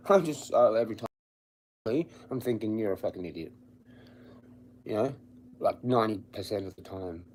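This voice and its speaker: An Australian man rambles on a camera-off livestream in a blunt, profanity-heavy way, laughing at his own stories. His voice sits low and dark. A faint hiss of noise runs under it. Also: animated, unhurried, pauses often. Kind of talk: casual rambling livestream chat. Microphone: streaming from home with the camera off.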